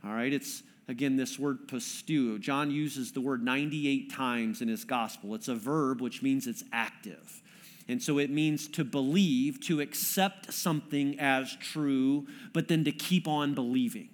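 A man's voice: medium pitch, unhurried. A middle-aged male pastor giving a sermon to a congregation, with a conversational, earnest teaching manner that invites the room to join in. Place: church room with audience.

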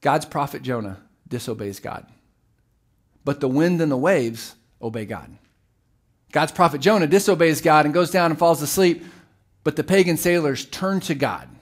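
A middle-aged man preaching a sermon as pastor, telling the story with animated, acted-out voices. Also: fairly high pitch, moderate pace.

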